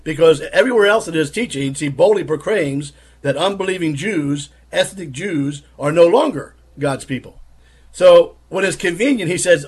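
A man's voice: on the high side, lively intonation, normal speed, slightly rough. A man giving critical religious commentary, arguing his case with pointed rhetorical questions.

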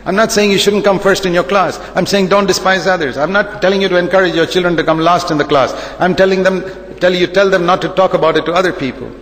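A man's voice: sits high, fairly even intonation, quick pace, few pauses, fairly bright tone, long reverb tail, low-quality recording. A man preaching a sermon as a pastor, emphatic and repetitive, firing rhetorical questions.

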